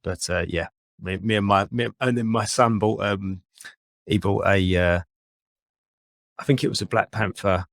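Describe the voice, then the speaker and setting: A man co-hosting a casual podcast chat, halting and often repeating his words. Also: fairly low pitch, fairly even intonation, creaky, dry recording, studio quality. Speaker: podcast co-host.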